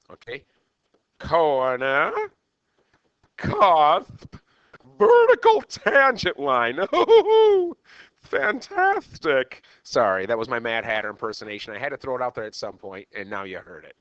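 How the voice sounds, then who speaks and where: A man running a math lesson in an animated, bouncing voice that sits a little high and rings bright. He keeps checking in with "okay" as he goes. The sound is dry and a bit dull, like a lo-fi recording. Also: dry recording. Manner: animated, repeats "okay" often. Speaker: math teacher. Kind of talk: classroom lecture.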